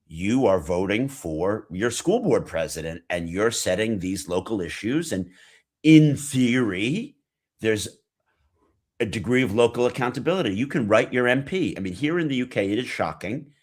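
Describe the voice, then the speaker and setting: American man, podcast guest, fairly low voice, earnest and explanatory. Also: expressive, moderate pace. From United States. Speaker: podcast guest, geopolitics analyst. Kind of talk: casual conversational interview.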